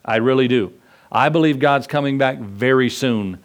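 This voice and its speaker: A man's voice: medium pitch, moderate pace. A man preaching a sermon as pastor, asking the congregation questions and acting out little asides.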